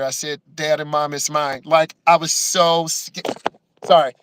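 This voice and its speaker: Speaking to the camera, a driving instructor shares personal stories so emotionally that he's near tears, acting out quotes and adding "right?" to many lines. His slightly high voice is flat and measured in pace, with background noise behind it.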